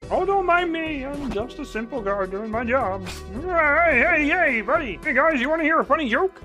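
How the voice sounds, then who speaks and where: A man putting on a squeaky goofy simple guy. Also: lively intonation, normal speed, pushed and bright, soft background music, full character voice. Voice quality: squeaky falsetto. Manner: silly, playful. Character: goofy high-voiced simple guy telling corny jokes.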